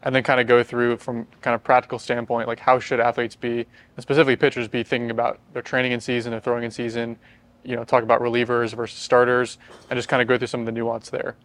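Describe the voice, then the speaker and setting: Fast-talking young man hosting a podcast. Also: mid-range voice, flat delivery, a bit bright. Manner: quick, conversational, leads the questions. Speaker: podcast host. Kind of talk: casual podcast discussion.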